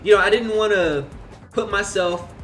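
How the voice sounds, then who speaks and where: A young man with a high voice tells a personal story in a loose, rambling way. He fills his talk with fillers and swearing, and faint music plays behind him. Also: normal speed, a bit bright. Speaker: vlogger. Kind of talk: casual storytelling.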